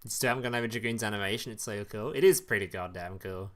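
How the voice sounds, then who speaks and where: A man's voice: on the low side, quick pace, fairly bright tone. A young man streaming live, chatting casually, tripping over his words, swearing and chuckling as he reacts to chat. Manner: loose and profane, trips over words, chuckles often.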